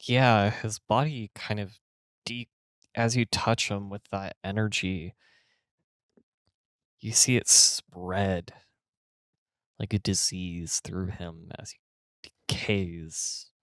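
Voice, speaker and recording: A man with a very low voice running a tabletop game and describing scenes vividly in the second person. The recording is dry and close. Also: steady tone, takes it slowly, pauses often, fairly bright tone, dry recording. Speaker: game master.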